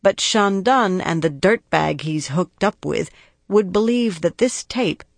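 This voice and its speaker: A woman reading the lines of a cautious female prosecutor in an audiobook, deliberate and precise. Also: on the low side, animated, no room sound. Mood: cautioning. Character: guarded, measured female prosecutor, middle-aged.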